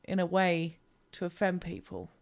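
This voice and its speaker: A woman's voice: on the low side, level tone, normal speed, creaky. A British woman co-hosting a podcast, telling rambling stories in casual chat, swearing freely and going off on tangents. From Britain. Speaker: podcast co-host.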